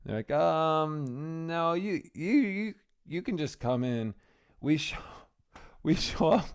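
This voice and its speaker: A man co-hosting a podcast, telling animated stories in casual chat and laughing at his own jokes. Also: a little high, slow, smooth. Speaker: podcast co-host.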